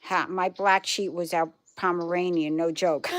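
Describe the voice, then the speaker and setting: A woman's voice: on the low side, fairly even intonation, a little slow, no echo. A middle-aged woman from Brooklyn hosting a live stream, chatting casually with viewers in a rambling, storytelling way. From Brooklyn, New York. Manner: chatty, rambling storyteller who trails off and restarts. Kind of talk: casual chat answering viewer comments.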